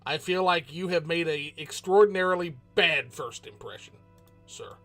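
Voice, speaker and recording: Higher-voiced man hosting a gaming channel; jokes and banters with characters as he plays. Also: normal speed, fairly bright tone, soft background music. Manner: joking, chatty, talks back to game characters. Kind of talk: let's play commentary.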